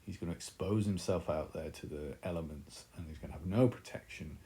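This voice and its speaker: A man's voice: low-pitched, brisk, mellow. A man teaching a literature lesson, explaining in a thoughtful way with frequent fillers.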